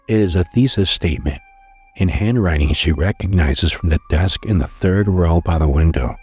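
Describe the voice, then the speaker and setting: A man narrating a scary story in a slow, hushed storytelling manner, with occasional stumbles. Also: low voice, breathy edge.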